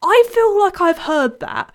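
A woman's voice: very high voice, animated, measured pace. A young woman hosting a music radio show, chatting casually and self-deprecatingly between songs.

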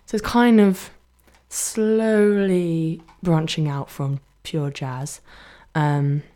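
Between songs on student radio, a young adult DJ from Brighton, England, chats in a casual Brighton English accent, often laughing and poking fun at herself. Her voice sits low and steady, and she draws her words out.

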